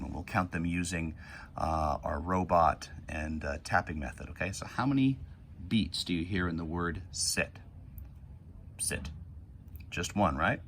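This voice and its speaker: A man with a low voice leads a phonics lesson for young children. He talks patiently and stretches words out slowly to sound out each letter, with faint noise in the background. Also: a bit bright. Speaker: teacher.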